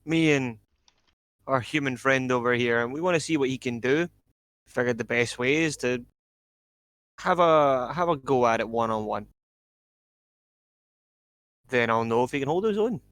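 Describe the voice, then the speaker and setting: A man's voice: mid-range voice, moderate pace, long pauses, fairly bright tone, no room sound. Brief: male player, casual and cheeky, dry close recording. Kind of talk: casual chat and in-character play.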